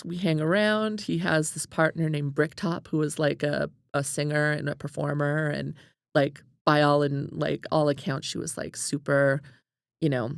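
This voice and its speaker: Female podcast co-host, gravelly and dry, chatty storyteller full of fillers. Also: deep voice, no room sound. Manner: animated storytelling, many "like"s. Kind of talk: casual book chat.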